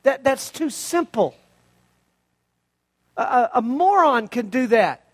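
A preacher voicing a proud, grumbling army commander. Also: male voice, extremely high pitch, sing-song, takes it slowly, heavily acted. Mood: exasperated. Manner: exasperated, grumbling, indignant. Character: proud, angry ancient army commander, grown man.

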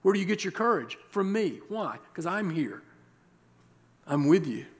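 A male pastor preaching a sermon, reading scripture verses and explaining them with rhetorical questions and slowed, stressed words. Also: sits high, sing-song. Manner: emphatic, slows down to stress key words.

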